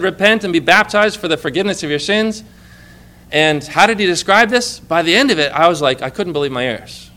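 A man preaching a sermon in a conversational way, often putting questions to the congregation and reading scripture aloud slowly and with emphasis. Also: high-pitched, pushed and bright.

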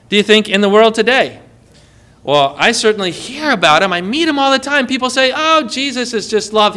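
A man preaching a sermon in an animated way, often putting questions to the congregation. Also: high-pitched. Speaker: pastor.

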